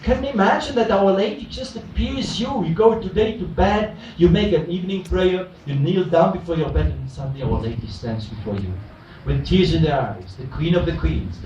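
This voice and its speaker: A man's voice: fairly high pitch, darkish tone, a little hiss or hum. A man, a priest, preaching an earnest retreat sermon full of rhetorical questions and restarts. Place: chapel. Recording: echoey chapel from a distance.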